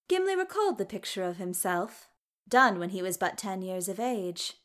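A woman narrating a story aloud in a calm, measured storytelling manner. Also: medium pitch. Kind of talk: audiobook narration of fan fiction.

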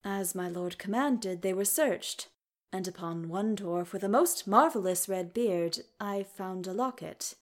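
Brief: soft-spoken formal elf man, read by a woman, halting, slow storybook delivery. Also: medium pitch, lightly acted. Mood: hesitant. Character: young male elf, gentle, formal, hesitant. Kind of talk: audiobook character reading.

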